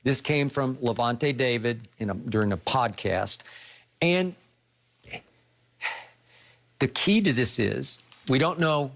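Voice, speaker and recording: A man's voice: medium pitch, lively intonation, slow pace, gravelly, pauses often, a bit bright. An older man hosting a studio sports debate, making his points emphatically and often checking for agreement. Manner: emphatic, lecturing, rhetorical questions.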